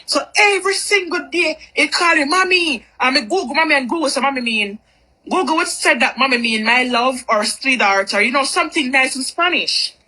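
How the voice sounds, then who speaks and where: Telling a relaxed story, this high-voiced, bright woman stays lively and repeats phrases to drive points home, her tone carrying a forward, sharp edge. Her pace is a little fast. The recording sounds rough.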